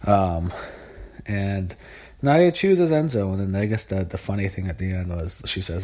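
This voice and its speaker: A man's voice: low-pitched, unhurried, dark tone. A young man giving a loose, rambling spoken recap of a wrestling show, blunt and profane, full of fillers.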